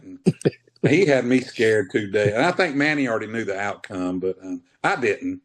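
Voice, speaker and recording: A man in his fifties, a wrestler telling old stories in a relaxed, rambling way during an interview. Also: lowish voice, normal speed. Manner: rambling, laid-back, says man often. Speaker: wrestler guest. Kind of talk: casual interview storytelling.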